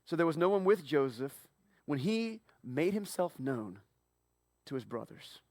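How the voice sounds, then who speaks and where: A man preaching a sermon as pastor, telling the story with animated swings from hushed to loud. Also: on the high side, measured pace, no room sound, studio quality.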